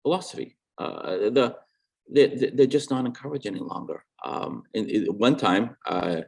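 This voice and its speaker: A man in his fifties from New England, speaking as a guest artist and educator in casual interview chat, earnest and halting, often restarting and repeating words. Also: mid-range voice, expressive, vocal fry, husky. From New England, USA.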